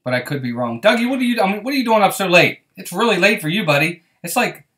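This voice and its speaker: A man's voice: high-pitched, lively intonation, fast, sharp tone. A man hosting a casual live stream, chatting and greeting viewers by name as he reads their comments. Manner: friendly, reassuring tone with viewers.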